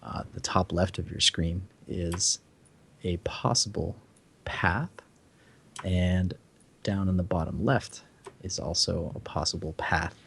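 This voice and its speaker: A man's voice: sits low, fairly even intonation, slow, creaky, fairly bright tone, breathy edge. A man narrating as dungeon master, describing the scene with fillers and self-corrections. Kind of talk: narrating a tabletop game.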